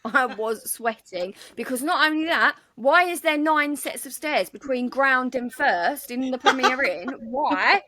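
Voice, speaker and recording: A woman's voice: high voice, expressive, a little slow, hardly any pauses, pushed and bright. A woman co-hosting a casual podcast, telling stories animatedly and laughing through her words. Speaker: podcast co-host, nail tech. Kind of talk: casual chat.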